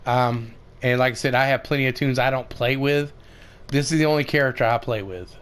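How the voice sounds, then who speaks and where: A man's voice: mid-range voice, fairly quick, fairly bright tone, clean tone. A man giving casual, rambling commentary over a game tutorial, with many fillers and restarts. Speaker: gaming video creator.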